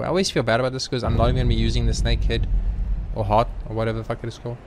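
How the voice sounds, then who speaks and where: A young man commentating his own gameplay, swearing freely and ranting in frustration, sometimes shouting at the game. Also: medium pitch, level tone, very fast, a little hiss or hum. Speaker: let's play gamer. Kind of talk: gaming commentary. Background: faint game music.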